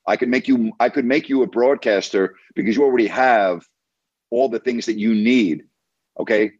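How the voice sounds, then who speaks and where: A man's voice: mid-range voice, normal speed, a little mellow, husky, dry recording, lo-fi sound. A man hosting a sports radio show, coaching a caller in an emphatic, repetitive, lecturing way.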